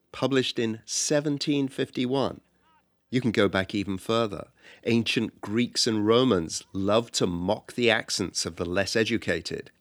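A man with a British accent narrating a podcast in a measured, wry way. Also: medium pitch, dry recording. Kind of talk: scripted narration.

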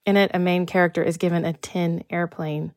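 Low-voiced woman with a soft Texan accent. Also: little pitch movement, dry recording. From Texas. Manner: measured, storytelling delivery. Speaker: reporter and narrator. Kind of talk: scripted narration.

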